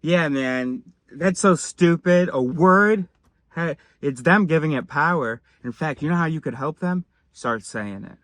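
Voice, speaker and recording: A man giving a sardonic, rambling satirical monologue at his screen, switching suddenly between low mutters and louder bursts. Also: a little slow, no echo. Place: home desk, recording his screen.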